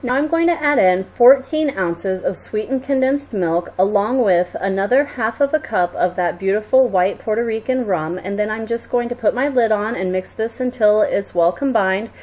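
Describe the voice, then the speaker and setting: A woman hosting a cooking video, explaining each recipe step in a steady, instructive way. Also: mid-range voice, normal speed, few pauses. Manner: steady, instructive, friendly sign-off. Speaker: cooking show host. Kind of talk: scripted cooking demonstration.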